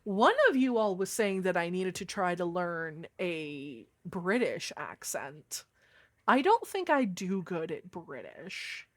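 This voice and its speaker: A woman's voice: fairly low pitch, very animated, slow pace, dry recording. An American woman streamer in casual chat with her viewers, on a streaming microphone. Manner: casual, chatty, talking to chat.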